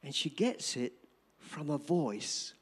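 Animated older male preacher. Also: on the high side, takes it slowly, slightly rough. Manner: animated, emphatic, addresses the crowd directly. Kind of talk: storytelling sermon to a live audience.

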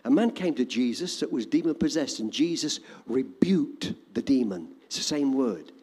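A man preaching a sermon to a congregation, dramatic and animated. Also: mid-range voice, moderate pace, breathy edge, in a large hall. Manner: animated, dramatic, shouting quoted lines.

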